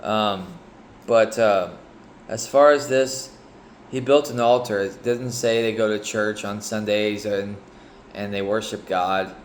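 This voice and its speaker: A man reading a Bible chapter aloud and pausing to reflect on it, hesitant and sleepy, with frequent ums and restarts. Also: lowish voice, fairly even intonation, slight background noise. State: sleepy, yawning. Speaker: Bible reader sharing reflections.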